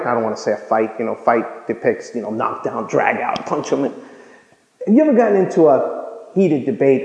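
A man preaching a sermon, lively and joking, acting out everyday conversations with put-on voices. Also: normal speed, gravelly. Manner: animated, acts out dialogue with funny voices. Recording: echoey hall, dull low-fi sound.

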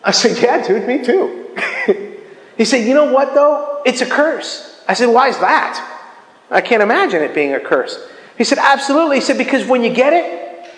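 A middle-aged man preaching in a lively, conversational way, cracking jokes and laughing along with his own stories. His voice sits high for a man. The sound rings with a long echo, as if it was picked up from across a church hall. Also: normal speed. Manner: animated, chatty, jokes and laughs often. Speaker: pastor. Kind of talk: sermon.

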